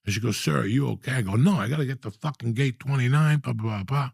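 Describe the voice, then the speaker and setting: A man in his sixties telling a story in casual, profane, animated style, with loud outbursts. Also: mid-range voice, quick pace, vocal fry, slightly rough, no echo, studio quality. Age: 60s. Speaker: podcast host.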